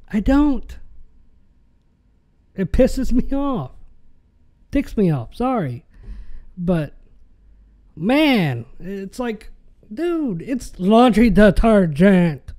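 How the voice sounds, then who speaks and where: A man's voice: high voice, a little mellow. A young man hosting a podcast, ranting in an exasperated way, swearing and tripping over his words. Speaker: podcast host.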